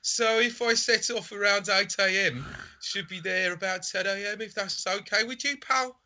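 A man's voice: high-pitched, normal speed, bright, forceful tone, heavily acted. A man putting on a Birmingham accent to voice a polite, formal male bike buyer reading his messages. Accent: Birmingham, put on.

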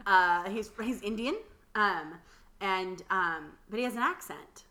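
A young woman with a bright, clear voice chats casually as a podcast co-host. She fills her speech with "like" and laughs easily as she tells her story. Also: mid-range voice, unhurried. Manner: chatty, lots of "like" and laughter. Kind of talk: casual chat.

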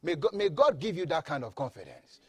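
A man's voice: a little high, very animated, brisk, breathy edge, dry recording, clean studio sound. A man preaching a sermon with emphasis, repeating phrases, leading the congregation in call-and-response, and often stammering over restarts.

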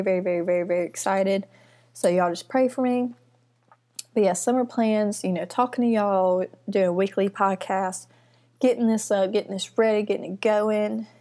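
A young woman hosting her first solo podcast from her apartment, chatting in a rambling, nervous and excited way with lots of fillers. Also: medium pitch. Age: young adult. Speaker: podcast host. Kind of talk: casual solo podcast chat. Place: student apartment. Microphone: computer mic.

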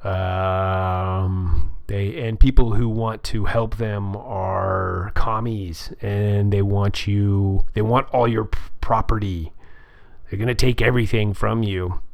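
A man's voice: on the low side, steady tone, slow pace, gravelly, no echo. A man hosting his own podcast, reading news headlines aloud and commenting on them in a sarcastic, rambling way, often restarting his sentences. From California. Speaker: podcast host.

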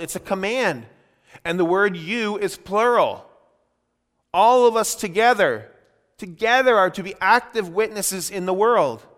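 Pastor, male, slightly high voice, emphatic sermon delivery, long hall reverb. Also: a bit bright. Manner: emphatic, rising and falling with slow stressed phrases.

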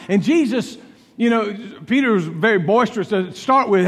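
A man preaching a sermon, telling a Bible story dramatically and acting out its dialogue with swings between loud and soft. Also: very high-pitched, expressive, a little fast, big-room sound. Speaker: pastor.

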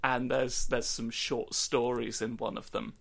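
A man's voice: mid-range voice, little pitch movement, measured pace, vocal fry, fairly bright tone. A man telling a rambling, joking story in a casual podcast chat. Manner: rambling, jokey storytelling with acted quotes. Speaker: podcast co-host. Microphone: studio microphone.

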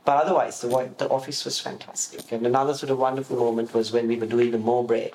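A man's voice: medium pitch, fast. A man remembers his working years in an interview, slipping into other people's voices as he tells his stories. His voice sits in the middle of the male range. The room gives it a noticeable echo, and there is a faint hiss of room noise behind him. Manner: animated storyteller, acts out quoted voices. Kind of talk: reminiscing in an interview.

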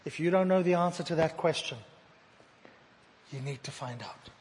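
High-voiced male preacher in a reverberant hall. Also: normal speed. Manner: dynamic delivery, swinging from loud emphatic repetition to hushed intimate tones. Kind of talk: sermon. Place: church hall.

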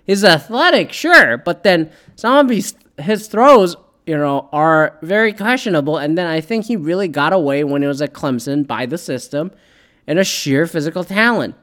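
A man rants about football in a loose, profane, sarcastic way, wandering off on tangents and packing his talk with fillers. His voice sits a little high for a man and comes through smooth and resonant. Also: animated, moderate pace, fairly bright tone. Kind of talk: casual opinionated sports rant.

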